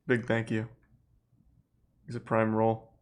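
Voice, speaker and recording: A man's voice: fairly low pitch, completely flat delivery, slow. A man streaming live, reacting to a video with sarcastic, swearing, incredulous commentary and reading out thanks to subscribers. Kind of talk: casual livestream commentary.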